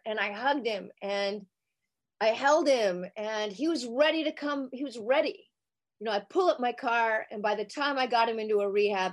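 A middle-aged woman guest telling a story in a casual interview, animated and chatty with many fillers. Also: on the high side. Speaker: interview guest, actress and charity founder.

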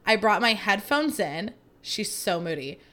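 A woman's voice: medium pitch, big pitch swings, unhurried, sharp tone. Woman, thirties, solo podcast host, casual and dramatic, laughs easily. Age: 30s. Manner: chatty and dramatic, laughing between thoughts.

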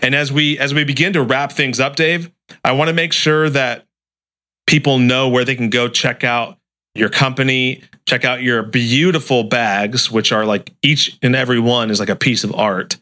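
A man's voice: medium pitch, steady tone, normal speed, pushed and bright. A man hosting a podcast interview, enthusiastic and casual, often repeating words. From United States. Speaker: podcast host.

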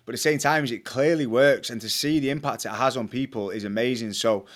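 A quick-talking man hosting a casual podcast interview, his words tumbling out quickly. He speaks with enthusiasm as he retells what happened and turns to address the listeners directly. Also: mid-range voice. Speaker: podcast host.

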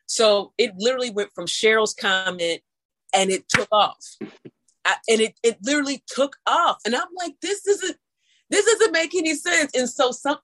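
A woman from St. Louis with a St. Louis accent, telling stories in casual chat, animated and laughing, with big leaps in pitch. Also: rough recording. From St. Louis, USA. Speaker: storyteller guest.

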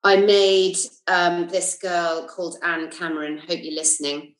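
A woman's voice: lowish voice, unhurried. A middle-aged woman from England with a southern English accent, a comedian and actress telling school stories as a podcast guest. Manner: lively storyteller with many fillers and asides. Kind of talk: casual interview anecdotes. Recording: roomy echo.

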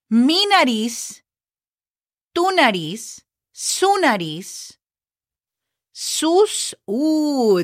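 A woman's voice: medium pitch, fairly bright tone, no echo, clean studio sound. A woman hosting a podcast lesson who patiently spells out words letter by letter, often checking in with "okay?". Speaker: Spanish teacher and podcast host.

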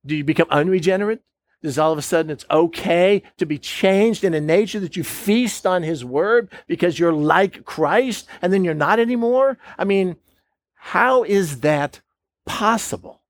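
Emphatic preacher, man with a higher voice. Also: no room sound. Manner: emphatic, asks the audience questions, acts out quoted voices. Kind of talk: sermon.

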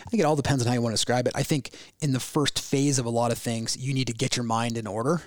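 A man's voice: mid-range voice, steady tone, fast, no echo, studio quality. A man co-hosting a casual talk, explaining ideas earnestly with everyday examples and frequent restarts. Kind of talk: casual conversational chat.

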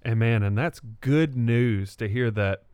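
A man's voice: mid-range voice, takes it slowly, darkish tone, smooth, no room sound. A man co-hosting a faith podcast, casual and encouraging, often agreeing and laughing. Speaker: podcast co-host. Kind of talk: casual chat.

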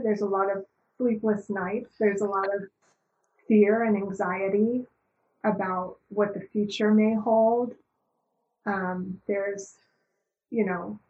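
A middle-aged woman talking slowly and calmly as an interview guest, reflective and searching, with many pauses. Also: medium pitch, phone-quality sound.

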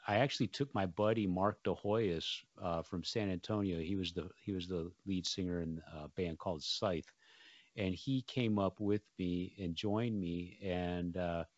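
A man's voice: on the low side, a little mellow, no echo, dull audio. A man chatting casually, telling a rambling story full of fillers and restarts. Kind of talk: casual conversation.

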